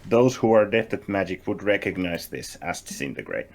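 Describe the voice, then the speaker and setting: A man playing a tabletop game, describing his character's actions in a slow, deliberate way with pauses. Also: sits low, very animated. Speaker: player.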